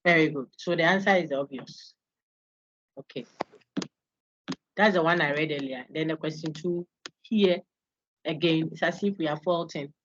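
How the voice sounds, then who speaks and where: A woman's voice: sits low, moderate pace, pauses often, lo-fi sound, noisy background. A woman lecturer going over quiz answers in an online class, explaining each option step by step and calling on students to read. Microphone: video call.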